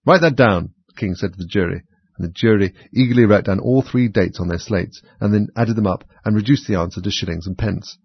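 A man reads a children's story aloud in a steady, measured way. His voice is low and gravelly with a very husky rasp. The recording is dry and a little dull. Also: dry recording. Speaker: narrator. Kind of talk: storybook reading.

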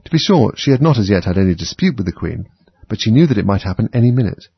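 A man narrating a storybook aloud in an animated, dramatic way. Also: on the low side, quick pace, vocal fry, breathy edge, no room sound. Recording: dull lo-fi recording.

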